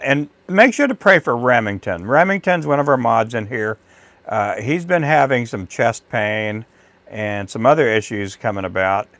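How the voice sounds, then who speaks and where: On a dry recording, a middle-aged man from Texas chats loosely with his livestream audience, thanking viewers by name as he rambles. His voice is on the low side and a bit bright.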